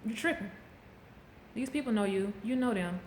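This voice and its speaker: A woman's voice: a little high, normal speed, a little mellow, a little hiss or hum. A middle-aged woman talking candidly into a handheld camera, coaching viewers in a casual motivational vlog. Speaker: vlogger. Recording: echoey room, faint background ambience.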